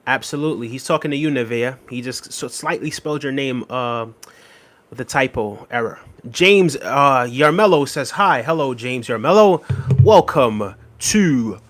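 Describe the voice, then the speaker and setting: A man's voice: mid-range voice, lively intonation, normal speed. A man hosting a livestream, chatting casually, reading viewer comments aloud and repeating phrases with frequent laughs. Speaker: livestream host.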